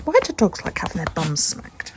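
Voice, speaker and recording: A woman's voice: sits low, sing-song, moderate pace, slightly rough. A woman chatting casually in a home vlog, swearing freely and talking to her dog. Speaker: vlogger.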